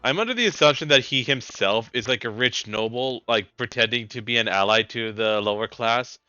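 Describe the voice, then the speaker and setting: A man's voice: mid-range voice, fairly quick, sharp tone, clean tone, no echo, lo-fi sound, soft background music. A man casually commenting on a game he is streaming, rambling and restarting his thoughts. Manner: rambling, self-interrupting, chuckling. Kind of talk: casual let's play commentary.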